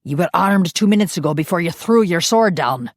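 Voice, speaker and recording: Woman reading blunt, growling vampire fighter, low and dry. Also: lively intonation, fairly quick, dry recording. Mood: gruff. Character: gruff Scottish male vampire warrior.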